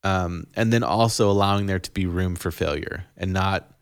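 A man's voice: deep voice, moderate pace, clear, resonant tone. A man in his thirties, a podcast co-host, talking casually about parenting, rambling with frequent laughs and restarts.

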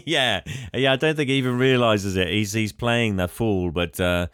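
A man's voice: fairly low pitch, normal speed, a bit bright, clean tone, dry recording. Chatty man recapping a film. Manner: laughs often, acts out characters in exaggerated voices. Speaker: podcast co-host. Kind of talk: casual film recap chat.

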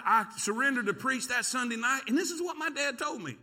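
Animated bright-voiced male pastor preaching. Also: extremely high pitch, brisk, few pauses. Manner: animated, folksy, talks to the congregation. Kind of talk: sermon with storytelling. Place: church sanctuary.

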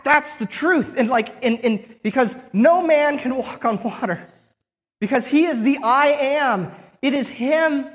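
A preacher retelling a Bible story in the first person, with frequent restarts and pauses. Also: high voice, in a large hall.

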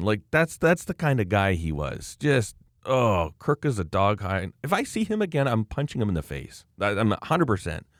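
A man's voice: mid-range voice, darkish tone, no room sound, studio quality. A man in casual chat, telling a worked-up story and acting out the quoted lines, with many fillers. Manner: acts out quoted dialogue. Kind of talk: casual chat, ranting anecdote.

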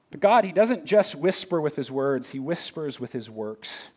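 A man's voice: a little high, sing-song, normal speed, hardly any pauses, darkish tone, breathy edge. A middle-aged man preaching a sermon in a conversational way, full of asides and rhetorical questions. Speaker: pastor.

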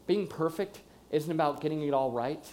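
A man's voice: fairly high pitch, moderate pace, dark tone. A man, around his thirties or forties, telling a candid personal story in a conversational way, acting out what people said and what he thought. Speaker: speaker sharing a personal story. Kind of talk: personal testimony talk.

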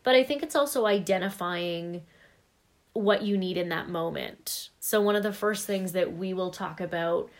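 A woman's voice: fairly low pitch, normal speed. A woman co-hosting a podcast in casual chat, candid and emphatic, swearing casually now and then. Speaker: podcast co-host.

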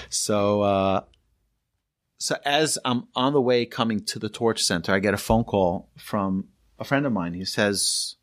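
Male rabbi, storytelling sermon, animated and conversational with the audience. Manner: storytelling, asks the audience questions; lively, rises in pitch for emphasis. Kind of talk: sermon to a congregation.

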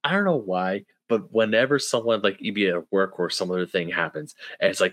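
Low-voiced man, dry close sound. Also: moderate pace, dry recording. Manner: acts out quotes in animated voices. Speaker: podcast co-host. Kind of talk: casual TV review chat.

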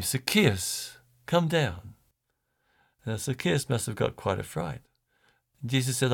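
Male priest, gravelly voice, sermon; storytelling delivery, restarts and fillers. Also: mid-range voice.

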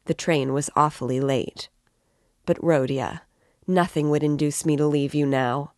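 A woman's voice: deep voice, fairly even intonation, a little slow, darkish tone, no room sound, clean studio sound. A woman voicing an anxious, tearful middle-aged mother who speaks timidly and pleadingly.

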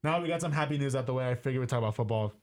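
A man's voice: medium pitch, rapid-fire. A young man co-hosting a casual sports podcast, telling stories with lots of fillers. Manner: lively storyteller with frequent fillers. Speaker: podcast co-host.

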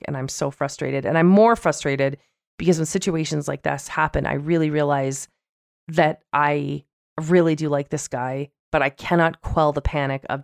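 A woman's voice: low voice, creaky, dry recording, studio quality. A woman in her thirties co-hosting a podcast, candidly telling dating stories in casual chat. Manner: candid, animated storytelling with quoted voices. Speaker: podcast co-host.

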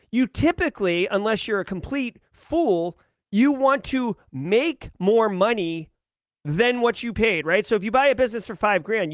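A man's voice: high voice, fairly bright tone, dry recording, clean studio sound. A man hosting a tech news show, ranting emphatically and sarcastically about a data breach and business decisions.

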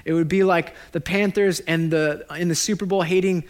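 A man in his thirties, a pastor giving a sermon, joking and animated and laughing at his own lines. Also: high voice, normal speed.

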